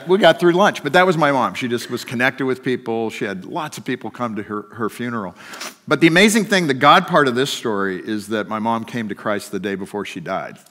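A middle-aged man telling a personal story during a sermon, shifting between lively and hushed. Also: medium pitch. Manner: storytelling, swings from animated to hushed. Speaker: guest speaker. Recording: long hall reverb.

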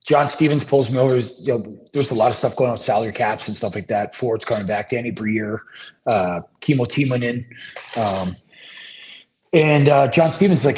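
A man's voice: mid-range voice, moderate pace. A man, a former pro hockey player, telling a long anecdote as a guest, loose and rambling, full of ums and restarts. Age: 30s. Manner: rambling, relaxed anecdotes with many fillers. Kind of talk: casual storytelling interview. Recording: slightly dull lo-fi sound.

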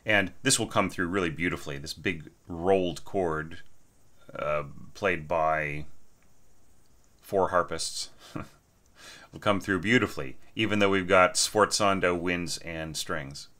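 A man's voice: low-pitched, a little slow, bright, forceful tone. A man giving an informal lecture on orchestration, enthusiastic, often checking in with "right?" and singing short phrases.

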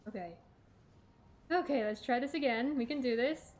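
A woman's voice: fairly high pitch, normal speed, darkish tone. A woman streaming a video game, giving casual gameplay commentary and talking to herself, swearing when things go wrong.

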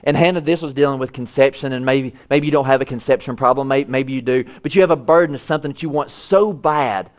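A man preaching a sermon, voice rising high when he acts out prayers and dropping low and soft for quiet lines. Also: fast, few pauses. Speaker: pastor.

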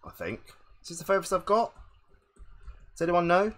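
Man, live gameplay commentary, bright forceful voice, lively pitch, exasperated self-talk. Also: moderate pace. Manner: exasperated self-talk, addressing chat as people. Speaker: gaming streamer.

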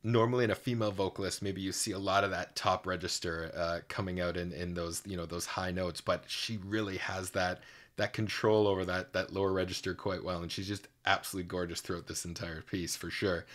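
A man's voice: sits low, fairly even intonation, a little fast, fairly bright tone. A man, a musical theatre coach, giving enthusiastic, admiring reaction commentary with frequent fillers.

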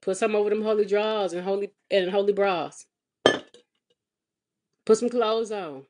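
A woman vlogging as a mother, telling a comedic, exasperated story with sassy, animated delivery and big swings in pitch. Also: moderate pace. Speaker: mother of a kindergartner. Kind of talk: comedic storytelling vlog rant. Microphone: phone or webcam vlog.

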